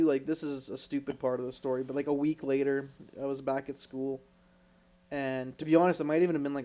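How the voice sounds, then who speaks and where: A young man from Canada, co-hosting a podcast, telling stories in casual chat with lots of swearing and acted-out quotes. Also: medium pitch. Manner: animated, swears a lot, acts out quotes. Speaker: podcast co-host.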